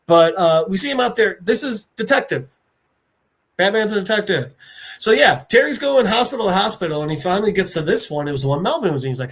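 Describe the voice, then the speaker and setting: A man hosting a podcast, retelling a comic issue in a casual, animated way and acting out the characters' lines. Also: high voice, brisk, slightly rough. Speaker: podcast host.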